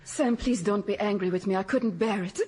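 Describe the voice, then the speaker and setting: An actress playing a melodramatic Swedish former sweetheart in a radio comedy, rambling and breathy. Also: female voice, mid-range voice, normal speed, darkish tone, slight background noise, natural voice. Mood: wistful. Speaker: lead character in radio sitcom.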